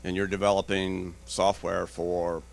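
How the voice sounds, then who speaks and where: A man speaking on a conference panel, his voice sitting a little low. He tells blunt, joking stories and acts out what people said to him. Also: flat delivery, unhurried, gravelly, a little hiss or hum. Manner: storytelling, acts out dialogue in quotes. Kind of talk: panel discussion. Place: conference stage.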